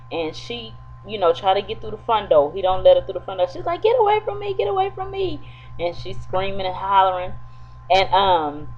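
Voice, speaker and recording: A woman in a casual, chatty soap opera episode recap, talking straight to her viewers. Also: medium pitch. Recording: dull lo-fi with faint hum.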